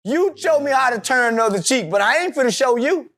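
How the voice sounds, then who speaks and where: Brash, profane man with a high voice. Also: expressive, brisk, a bit bright. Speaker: interview guest. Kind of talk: casual interview talk.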